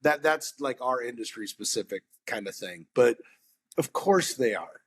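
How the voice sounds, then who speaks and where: A man's voice: medium pitch, moderate pace, breathy edge. A man on a sales podcast, talking casually and acting out both sides of customer conversations in his stories. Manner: animated storyteller acting out customer dialogue.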